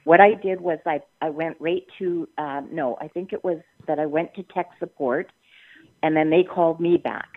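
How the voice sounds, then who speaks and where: A woman's voice: sits low, steady tone, moderate pace. Upset older woman on a tinny phone line. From Canada. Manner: long-winded, indignant, circling back and repeating herself. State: upset, near tears. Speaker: prank call target. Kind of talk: phone complaint.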